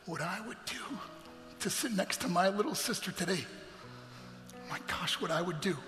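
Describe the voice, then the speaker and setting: Earnest guy speaker, high bright voice, long echoey hall, faint music. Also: animated, normal speed. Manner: earnest, dropping to hushed near-whispers. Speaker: motivational speaker. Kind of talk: emotional personal storytelling talk.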